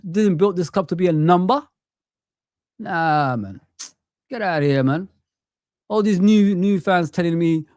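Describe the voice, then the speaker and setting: Here a man of thirty to forty-something vents heatedly over a live football match he's streaming, cursing and dropping "man" often. The voice sits high, and the audio is clean studio sound with no room echo.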